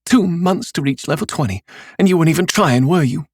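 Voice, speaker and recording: A man's voice: mid-range voice, animated, a little fast, slightly rough, no echo, studio quality, voice pushed up. A man reading an audiobook, voicing a cold, bitter, scheming middle-aged mother who talks sullenly and sarcastically. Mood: scornful. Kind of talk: audiobook character voice.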